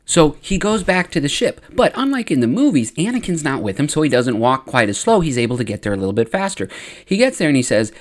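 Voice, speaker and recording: A man's voice: mid-range voice, a little fast. Guy telling a funny story recap, voice jumps all over, playful, does little character bits. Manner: lively, playful quoting of characters. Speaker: narrator.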